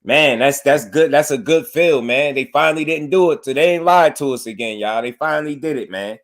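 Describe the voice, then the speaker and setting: A young man hosting a casual boxing livestream, animated and slangy, talking straight to his chat. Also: fairly high pitch, a little fast.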